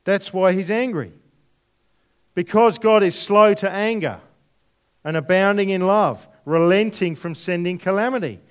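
A man preaching a sermon, reading scripture aloud and explaining it with deliberate, dramatic emphasis. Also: sits high, clear, resonant tone. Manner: slow, deliberate, dramatic drops to near whisper on key words.

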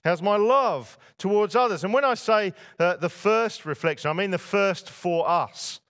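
A man with a fairly high voice preaches a sermon in a church. He speaks to a congregation and keeps asking them rhetorical questions. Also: normal speed, fairly bright tone, clear, resonant tone. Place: church before a masked congregation.

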